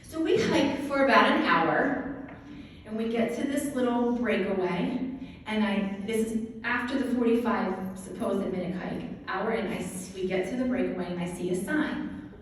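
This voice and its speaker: A woman telling a personal story as a motivational talk to an audience, lively and laughing often. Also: mid-range voice, moderate pace. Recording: echoey hall from far off, faint noise.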